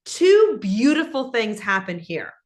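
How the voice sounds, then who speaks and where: A woman guest in an interview, speaking in an animated, instructive way and acting out example conversations. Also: on the high side, slow.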